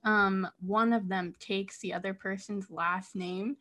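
A young woman co-hosting a podcast over a video call, chatting casually and expressively, quick to laugh. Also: mid-range voice, fairly even intonation, pushed and bright. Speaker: podcast co-host. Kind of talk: casual chat.

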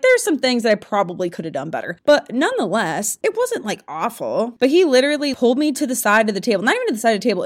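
A young woman hosting a podcast, telling blunt, profane stories in a casual monologue. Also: medium pitch. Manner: profane, blunt, animated storytelling. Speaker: podcast host.

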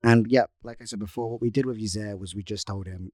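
Low-voiced young man giving earnest advice. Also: fairly even intonation, fast, a little mellow, dry recording, clean studio sound. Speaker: podcast co-host. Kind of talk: casual chat.

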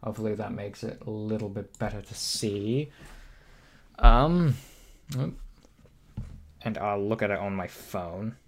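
Low-voiced male co-host, rambling casual chatter with swearing, home voice-call mic. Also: measured pace, pauses often. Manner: rambling, swearing, hesitant fillers. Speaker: podcast co-host. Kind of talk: casual chat.

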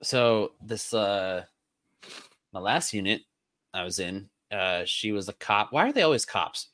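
A man co-hosting a casual veterans' chat, telling profane stories with animated quoted lines. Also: lowish voice, a little slow. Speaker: podcast co-host.

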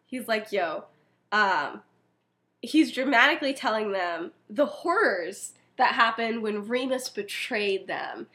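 A young woman chatting on a podcast, retelling a story with laughter and little acted-out lines. Her voice sits high and swings widely in pitch. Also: unhurried. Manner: animated, laughing, acts out characters' lines. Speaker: podcast co-host. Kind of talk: casual chat retelling a fan story.

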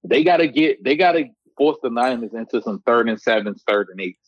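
A man's voice: mid-range voice, expressive, a little fast, no echo, highs cut off. A man in casual sports chat, teasing his co-host with laid-back banter.

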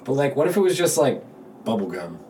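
A man's voice: mid-range voice, sing-song, fairly quick, darkish tone, a little hiss or hum. A young man guesting on a casual podcast, laid-back and joking, heard from a distant mic.

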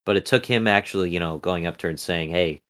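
Male podcast co-host, deep voice, rambling casual review chat with lots of ums. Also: fast, fairly bright tone. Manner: rambling, many fillers and restarts.

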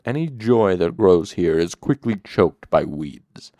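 A man's voice: low-pitched, very animated, unhurried, dark tone, no room sound. A man reading a weary, grief-stricken fallen hero. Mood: anguished. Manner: heavy and despairing.

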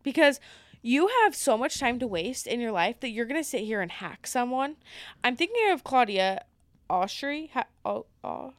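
Young female podcast co-host: crisp, high-ish voice, ranting animatedly in casual chat. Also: moderate pace, dry recording. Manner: animated, heated ranting with rising outbursts.

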